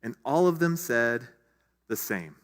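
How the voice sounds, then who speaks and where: Male pastor, middle-aged, mid-pitched, chatty sermon delivery, long church reverb. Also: big pitch swings, measured pace. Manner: conversational, with asides and restarts. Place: church sanctuary.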